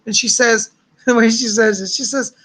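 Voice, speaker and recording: A man's voice: very high-pitched, steady tone, moderate pace, pushed and bright. A man hosting a live stream of psychic readings, talking in a chatty, reassuring way with a somewhat strained voice. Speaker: psychic host.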